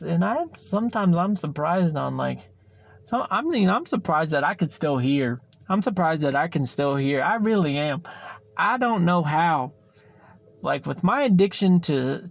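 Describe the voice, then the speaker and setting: A man's voice: high-pitched, creaky. A young man hosting a podcast, chatting casually and rambling, repeating himself and swearing freely. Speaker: podcast host. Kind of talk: casual solo chat.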